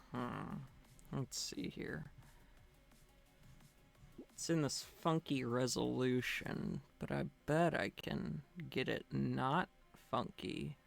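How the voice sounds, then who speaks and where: A man's voice: medium pitch, gravelly. A young man live-streaming a game, chatting casually in a nervous, rambling, self-mocking way.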